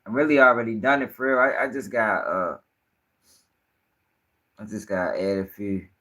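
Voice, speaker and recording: A young man hosting a casual livestream. His voice is bright and forceful, and his talk is rambling, profane and animated as he riffs on the news. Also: fairly low pitch, normal speed. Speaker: commentary livestream host.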